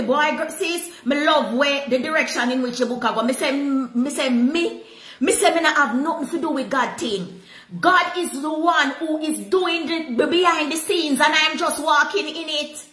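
A Jamaican woman pastor preaching a sermon, slipping into patois with animated delivery. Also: sits high, reverberant, poor audio.

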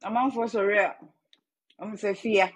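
A Ghanaian woman eats on camera and chats to her viewers in a relaxed, rambling way. Her voice has a husky, slightly breathy grain. She sits at an ordinary middle pitch for a woman. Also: unhurried. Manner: chatty, drifting between English and Twi while eating. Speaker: vlogger. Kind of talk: casual eating-show chat.

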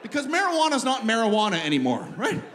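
High-voiced man telling a stand-up story. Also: quick pace. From Canada. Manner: animated, bursts into shouting. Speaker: stand-up comedian. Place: comedy club stage. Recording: live stage recording with audience noise.

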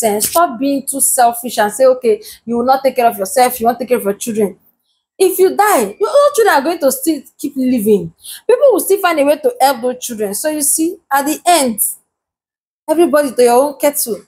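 Nigerian woman, vlogger, high voice, chatty laughing commentary with hiccups. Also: darkish tone. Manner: laughing often while talking. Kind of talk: casual commentary vlog.

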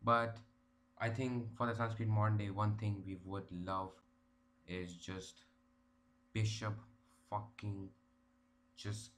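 A man's voice: lowish voice, little pitch movement, slow pace, pauses often, a bit bright, a little hiss or hum. A man ranting casually in a gaming vlog, exasperated and profane, with many restarts. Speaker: gaming vlogger.

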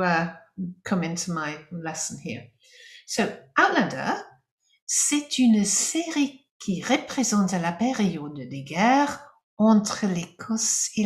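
Lively woman teaching French, echoey room. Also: mid-range voice. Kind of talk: online language lesson.

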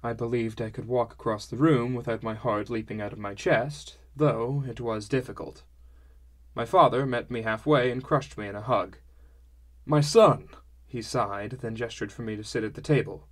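A man narrating a fantasy audiobook in the first person, in a measured storytelling manner. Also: medium pitch, fairly even intonation.

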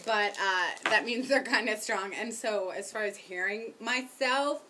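A young woman chatting casually to her camera at home, rambling and self-mocking, talking loudly with headphones on. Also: mid-range voice, a little slow, slight background noise. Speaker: vlogger. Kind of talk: casual chat. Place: home, indoors.

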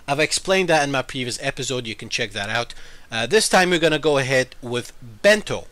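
A man's voice: mid-range voice, lively intonation, brisk, a bit bright, dry recording. A man with an unusual mixed accent, talking casually to viewers as a gaming YouTuber and explaining things at length. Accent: unusual mixed accent that viewers comment on. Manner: talkative, explains at length, defends himself. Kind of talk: casual game commentary to viewers.

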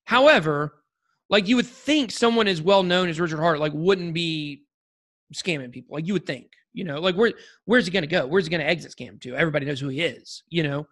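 A man's voice: a little high, a little fast, fairly bright tone. A man co-hosting a podcast in casual chat, rambling and joking with lots of restarts and fillers. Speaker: podcast co-host.

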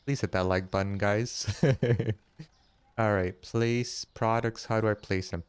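A man hosting a casual let's-play, chatty and jokey, thinking aloud and counting money out loud as he goes. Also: lowish voice, fairly even intonation, slow pace, smooth, no room sound. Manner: jokey, easily startled. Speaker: gaming channel host.

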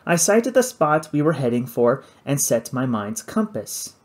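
Expressive man reading an audiobook. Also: medium pitch, unhurried. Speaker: audiobook narrator. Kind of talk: first-person audiobook narration.

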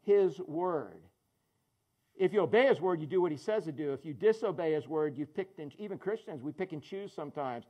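A man's voice: on the high side, expressive, normal speed, mellow, lo-fi sound. A man preaching a sermon as pastor, conversational and joking, calling on people in the congregation by name. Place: church in front of a congregation.

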